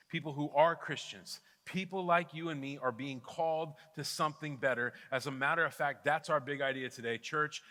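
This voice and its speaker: Male pastor, middle-aged, storytelling sermon, very bright voice, slightly high pitch. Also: in a large hall. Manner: storytelling, emphatic, with repetitions. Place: church sanctuary.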